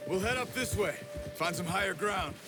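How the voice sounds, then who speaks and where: An actor playing a patient middle-aged hunter in a video game, giving low, steady instructions. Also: male voice, normal speed, over music. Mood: calm. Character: calm middle-aged male hunter and guide, patient teacher. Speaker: game character.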